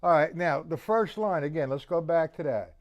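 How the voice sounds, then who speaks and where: A man's voice: fairly high pitch, expressive, normal speed. A man teaching a casual drum lesson, chatting with viewers and counting beats aloud. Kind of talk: live-streamed drum lesson.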